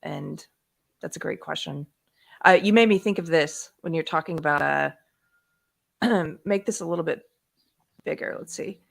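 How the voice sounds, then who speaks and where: A woman's voice: low-pitched, moderate pace, vocal fry, long pauses. A woman hosting a casual political talk show, agreeing readily with her guest and reading posts aloud. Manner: agreeing often, reads quotes aloud. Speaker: host.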